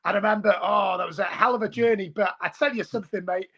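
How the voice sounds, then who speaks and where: A man from Wales in his forties, a football fan talking on a video call, excitable and rambling, calling everyone mate. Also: high-pitched, quick pace, vocal fry, muffled recording. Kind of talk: casual podcast chat.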